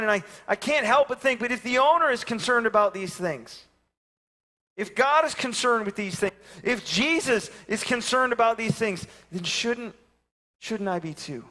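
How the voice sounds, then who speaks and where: A man, preaching a sermon and telling lively personal stories, acting out the voices of the people in them. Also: very high voice, normal speed. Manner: animated storytelling, acting out voices. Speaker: pastor. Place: church sanctuary.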